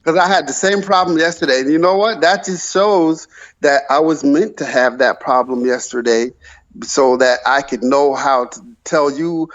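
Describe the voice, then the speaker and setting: Quick upbeat man on a lo-fi line. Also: a little high. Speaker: tech helper, co-host. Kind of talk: casual livestream chat.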